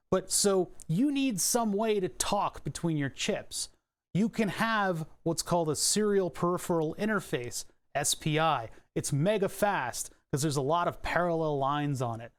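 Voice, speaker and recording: Profane, rambling man streaming tech talk. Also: a little high. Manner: profane, rambling, explains electronics casually. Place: desk at home.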